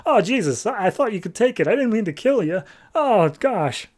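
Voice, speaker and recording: An earnest young superheroine on the edge of tears, as a man puts her on while retelling a comic. Her voice jumps well above his usual pitch and wavers. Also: very animated, moderate pace. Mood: horrified.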